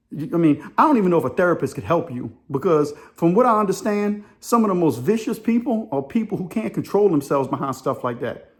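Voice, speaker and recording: A man's voice: on the high side, darkish tone. A man telling a casual, rambling story in colloquial talk. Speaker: vlogger.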